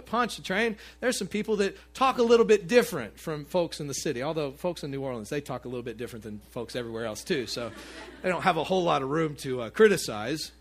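A man preaches in a church sanctuary, easy and talkative, turning often to his congregation. His voice sits a little higher than most men's. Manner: conversational, animated preaching with asides to the congregation. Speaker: pastor. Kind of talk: sermon.

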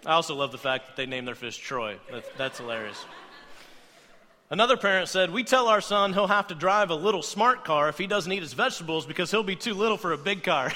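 A man preaching a humorous sermon, playful and animated, acting out quoted voices as he goes. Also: on the high side, a little fast, in a large hall, a little hiss or hum. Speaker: pastor.

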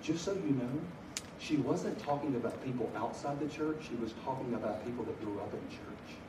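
A man's voice: mid-range voice, brisk, background noise. A middle-aged man preaching a sermon to a large room, telling stories with bursts of energy. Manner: energetic storytelling, bursts of excitement. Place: large room at a college gathering. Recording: echoey room from a distance, faint ambience.

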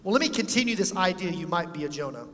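A man's voice: high-pitched, animated, fast talker, a bit bright. A man preaching a sermon in a conversational way, reading scripture and acting out quotes. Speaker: pastor. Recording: long hall reverb.

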